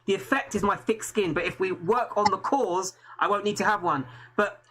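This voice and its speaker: A man's voice: high voice, normal speed, background noise. Earnest rambling English man hosting. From England. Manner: earnest, rambling, many restarts. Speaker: host. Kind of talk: casual live-stream chat.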